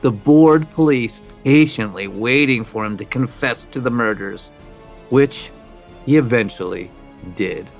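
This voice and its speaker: A man's voice: medium pitch, unhurried, vocal fry, soft background music. A man co-hosting a true-crime podcast, telling the story with wry, conversational asides. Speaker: podcast co-host.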